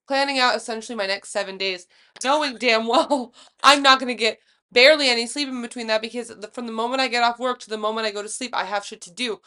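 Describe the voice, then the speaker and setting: A young woman co-hosting a podcast, telling a story in a casual, profane, animated way and acting out the quotes. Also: on the high side, quick pace, smooth. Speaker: podcast co-host. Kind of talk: casual chat.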